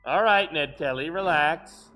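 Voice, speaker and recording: Man teasing deadpan while gaming. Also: on the high side, measured pace, faint music behind. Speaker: co-player, veteran gamer. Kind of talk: casual gaming chat.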